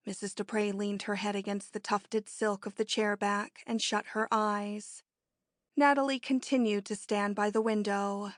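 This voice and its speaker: A woman narrating an audiobook in a measured, even storytelling manner on a close mic. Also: mid-range voice, no echo. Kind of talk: scripted narration.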